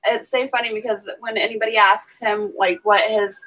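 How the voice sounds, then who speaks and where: A woman's voice: medium pitch, flat delivery, moderate pace, pushed and bright, low-quality recording. A woman hosting a casual live stream, chatting and reading out viewer comments. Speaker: homestead channel host.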